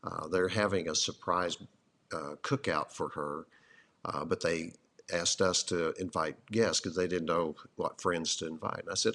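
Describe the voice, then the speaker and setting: A middle-aged man with a very low voice recounts his side of a love story. He sounds easygoing and wry, with small fillers as he talks. The telling stays relaxed and unhurried.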